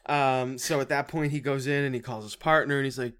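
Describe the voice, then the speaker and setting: A man's voice: medium pitch, brisk. A man co-hosting a casual podcast, animatedly recapping a movie plot and laughing often. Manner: animated storytelling, breaks into laughter. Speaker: podcast co-host.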